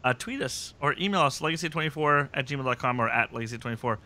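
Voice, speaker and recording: A man hosting a podcast, recapping episodes in casual chat and acting out scenes in quick impressions. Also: mid-range voice, bright, forceful tone.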